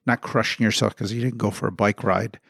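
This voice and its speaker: A man's voice: lowish voice, steady tone, brisk, vocal fry, fairly bright tone, husky, no echo, studio quality. A man co-hosting a podcast, talking casually and reflectively, often repeating words as he finds his point. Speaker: podcast co-host and bike shop owner. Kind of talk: casual chat.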